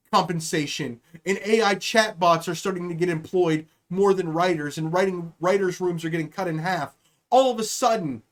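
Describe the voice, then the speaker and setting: High-voiced man on a profane rant. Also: a bit bright. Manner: profane, heated ranting. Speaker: comedian and podcast host. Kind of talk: live-streamed podcast rant.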